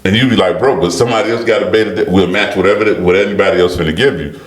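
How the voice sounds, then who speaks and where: A former football player telling stories as a guest, animated and laughing. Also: male voice, low voice, racing. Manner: animated storyteller, laughs and acts out quotes. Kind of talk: storytelling interview. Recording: roomy studio.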